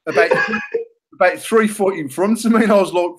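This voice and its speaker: Middle-aged British bloke, podcast co-host, slightly high voice, sweary and animated storyteller. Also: male voice, a little fast. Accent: British English. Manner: heavy swearing, animated and self-mocking. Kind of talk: casual storytelling chat.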